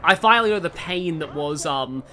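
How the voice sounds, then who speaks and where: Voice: mid-range voice, animated, moderate pace, sharp tone. A let's player giving casual, rambling gameplay commentary full of digressions.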